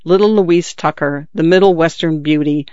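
A man's voice: a little high, normal speed, mellow, clear, resonant tone, no echo, close to an everyday voice. A man reading a story, voicing a bitter, idle husband who talks bluntly and sullenly. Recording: dull dry lo-fi recording.

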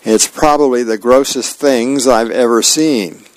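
A man voicing a grossed-out father from a comic strip, groaning in a lowered voice. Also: fairly even intonation, unhurried, no echo, natural voice, low-quality recording. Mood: disgusted. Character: grossed-out suburban dad.

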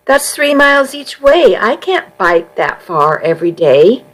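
A woman voicing an easygoing teenage boy who teases his best friend in a calm, matter-of-fact way. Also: medium pitch, measured pace, faint music behind, poor audio.

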